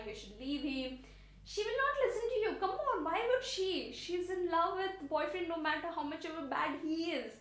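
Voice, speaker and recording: High-voiced chatty woman tutor, echoey room. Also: a bit bright. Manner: chatty, rambling with fillers and asides. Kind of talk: explaining idioms to exam students.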